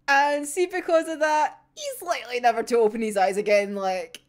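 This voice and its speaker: A woman's voice: on the high side, normal speed, few pauses. A young woman giving a casual, giggly and sweary reaction to a manga chapter. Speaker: manga reviewer.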